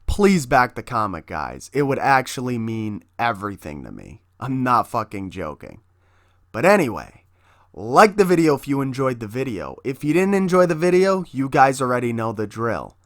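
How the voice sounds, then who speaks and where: A man's voice: medium pitch, sing-song, moderate pace, fairly bright tone, no echo, studio quality. A man casually promoting his own comic book, hyped and swearing constantly as he talks.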